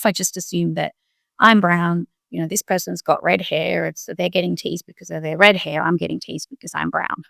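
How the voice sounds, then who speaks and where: A woman's voice: fairly low pitch, gravelly, no room sound, studio quality. A middle-aged woman, a doctor, speaking reflectively in an interview in short, restarting phrases. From Australia. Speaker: guest, doctor. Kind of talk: interview conversation.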